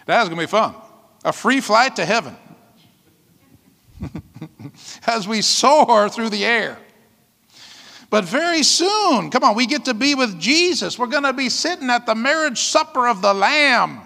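High bright-voiced preacher guy, whoops and laughs through his sermon, big echoey church sound. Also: animated, a little slow, gravelly, long pauses. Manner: exuberant, whooping and laughing between scripture readings. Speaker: pastor.

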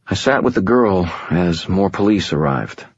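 A man giving steady, measured first-person audiobook narration on a dull, dry recording. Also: sits low, breathy edge, no room sound.

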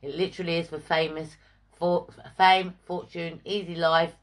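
A lower-pitched woman, speaking her mind in a casual chat. She makes each point with emphatic conviction. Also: level tone, moderate pace. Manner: forthright, emphatic opinions. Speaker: guest. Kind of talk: casual opinionated discussion.

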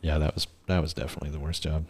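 A man with a very deep voice tells a long story in a relaxed podcast chat. He swears a lot and acts out both sides of an old argument as he goes. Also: very fast, a little hiss or hum. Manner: profane, animated storyteller acting out quotes. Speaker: podcast guest.

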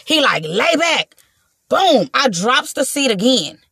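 Lively bright-voiced woman telling a wild story. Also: sits high, slow, gravelly, breathy edge, dry recording, clean studio sound. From Watts, Los Angeles. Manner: animated, acts out voices, swears freely. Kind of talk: casual storytelling to an audience.

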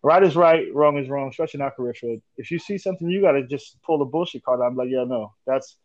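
A man in his forties hosting a casual chat, telling animated stories, laughing often and swearing casually. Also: mid-range voice, fast talker, dry recording. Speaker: podcast host. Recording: dull lo-fi dry sound.

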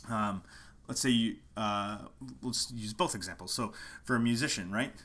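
A man with a lowish voice and a bright, forceful edge talks through a marketing lesson. He is passionate and emphatic, driving each point home by saying it again. It is a casual talk, recorded at home in the late hours. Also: normal speed. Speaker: musician teaching online marketing.

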